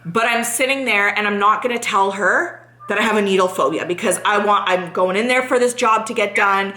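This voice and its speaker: A young woman vlogger telling a story to friends in a casual, animated way, swearing freely and speeding up as she gets anxious. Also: mid-range voice, a little fast, echoey room, low-quality recording.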